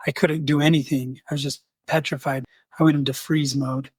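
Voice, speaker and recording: A man hosts a podcast and tells a personal story in an animated way, slipping into the voices of the people in it. His voice sits a little high for a man. The recording is close and dry, with no room sound. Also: brisk, breathy edge, dry recording. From United States. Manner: animated, acts out quoted voices. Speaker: podcast host. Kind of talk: storytelling in conversation.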